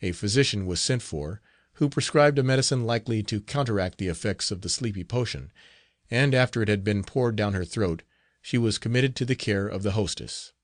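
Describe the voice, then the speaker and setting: A man narrating a classic novel as an audiobook, in a measured, dramatic reading. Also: on the low side, no room sound, clean studio sound.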